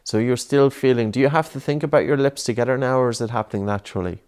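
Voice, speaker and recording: A man coaching a child through breathing exercises, patient and encouraging, with many gentle repeated prompts. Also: medium pitch, quick pace.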